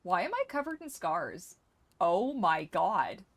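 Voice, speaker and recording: A young woman streamer giving casual gameplay commentary, chatty, swearing freely and exclaiming loudly at the game. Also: lowish voice, very animated, takes it slowly, dry recording. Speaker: gaming streamer.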